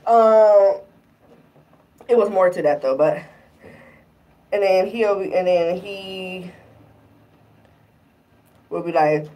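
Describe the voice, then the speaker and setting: Animated woman vlogger, a bit off-mic. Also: medium pitch, takes it slowly, pauses often, far from the mic, rough recording. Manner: animated, acts out quotes, swears freely. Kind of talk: casual storytelling vlog.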